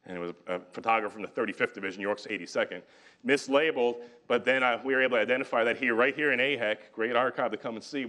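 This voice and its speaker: A man giving a storytelling history lecture in a lecture hall, acting out the quotes as he goes. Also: on the low side. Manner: animated storyteller who acts out quotes.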